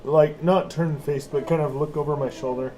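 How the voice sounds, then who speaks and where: Low-pitched woman player, hesitant, trailing off, hissy recording. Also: fairly even intonation, a little fast. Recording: noisy home recording.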